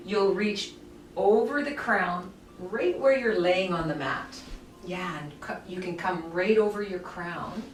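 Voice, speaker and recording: A woman yoga teacher guiding a somatic movement class with soft, soothing cues. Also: lowish voice, slow pace. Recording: echoey room, mic far off, faint music.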